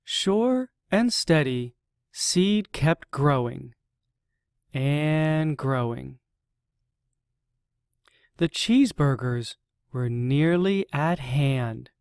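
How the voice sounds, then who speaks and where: Very slow, deliberate picture-book reader. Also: mid-range voice, lively intonation, darkish tone, clean tone, no echo, clean studio sound. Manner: very slow, deliberate reading with long pauses. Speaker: storyteller. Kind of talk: children's picture book read-aloud.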